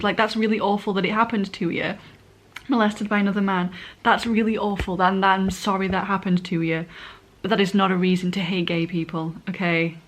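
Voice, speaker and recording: Heated rambling woman vlogger. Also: mid-range voice. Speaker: manga vlogger. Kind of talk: casual reading reaction.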